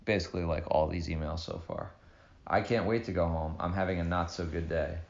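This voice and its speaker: A man's voice: deep voice, steady tone, fairly quick, creaky. A man in his thirties co-hosting a podcast, in a dry, sarcastic, rambling casual chat. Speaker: podcast co-host. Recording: dull roomy home recording.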